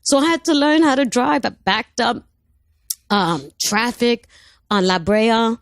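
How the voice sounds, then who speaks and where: A woman, a guest on an interview show, telling an animated story and acting out the voices of the people in it. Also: on the high side, measured pace. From New York. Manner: lively, acts out voices, laughs while telling.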